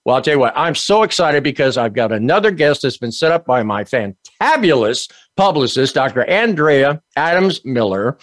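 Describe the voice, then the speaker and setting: A man's voice: medium pitch, very animated, moderate pace, hardly any pauses, dry recording. A man hosting a business talk show, reading an upbeat promotional introduction and chatting with his guest. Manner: upbeat, promotional, spells out web addresses. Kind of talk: enthusiastic show host introduction.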